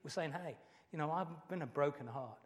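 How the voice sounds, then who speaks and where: A man's voice: fairly high pitch, moderate pace, long reverb tail. A middle-aged man preaching a sermon as pastor, earnest and emotional, repeating his key phrases.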